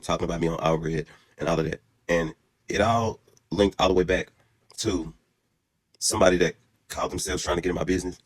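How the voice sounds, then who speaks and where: A man in his thirties telling a story in a casual, animated way, brassy, profane and dramatic, then calmer and reflective. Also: low-pitched. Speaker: storyteller vlogger.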